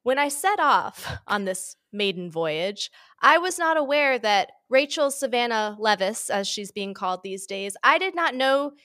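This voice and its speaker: A woman's voice: on the high side, expressive, a little slow, hardly any pauses, fairly bright tone, dry recording, studio quality. A woman guest on a podcast, chatting casually with self-deprecating, sarcastic humor and mock voices. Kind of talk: casual chat.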